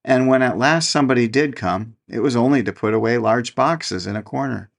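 Gravelly man narrating a fairy tale. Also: mid-range voice, a little fast. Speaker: podcast host reading a fairy tale. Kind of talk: storybook narration.

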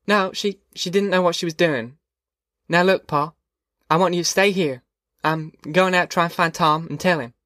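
A man voicing a weary, steadfast migrant mother who speaks quietly and firmly in a rural drawl. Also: a little high, fairly even intonation, normal speed, dry recording, clean studio sound, voice pushed up, natural voice. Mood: urgent, worried.

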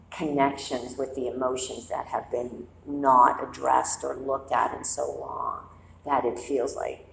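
A woman meditation teacher with a rumbling low, creaky voice talks conversationally to a group in a quiet meditation hall, giving a dharma talk. She tells animated stories and acts out inner voices. The poor audio has an echoey, big-room sound and slight background noise.

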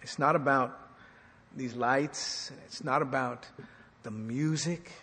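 A man's voice: medium pitch, slow, slightly rough. Man preaching in an echoey hall. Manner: dynamic preaching, swings loud and soft, rhetorical questions. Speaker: pastor. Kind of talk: sermon.

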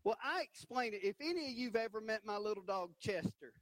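A man preaching a sermon from a church stage, animated and emphatic, punctuating points with "right?". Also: high voice, a little fast, dry recording, poor audio. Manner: animated, rising to emphatic peaks with repeated "right?".

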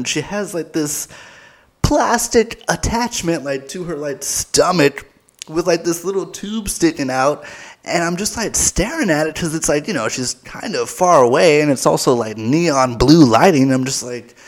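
A man hosting a podcast, telling a comic story in a rambling, self-mocking way with lots of fillers. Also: fairly high pitch. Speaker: podcast host. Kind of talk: comedic storytelling.

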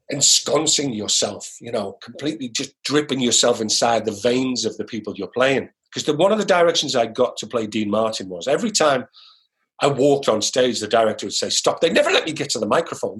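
A middle-aged British man, an actor, chatting as an interview guest, telling anecdotes and acting out the lines of the people in them. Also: mid-range voice. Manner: lively anecdotal storyteller who acts out quoted lines. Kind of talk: casual interview storytelling.

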